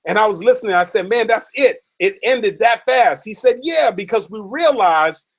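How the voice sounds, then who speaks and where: High-voiced man telling a motivational story. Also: animated. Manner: retells a story in quoted dialogue, often saying "man"; builds the story slowly, then quickens for dramatic moments. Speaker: motivational speaker.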